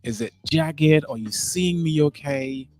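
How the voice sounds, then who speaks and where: Faint music sits under this casual live stream, where a Kittitian man rambles and thinks aloud while tweaking his settings. His voice is a little high and a little slow, with a darkish tone.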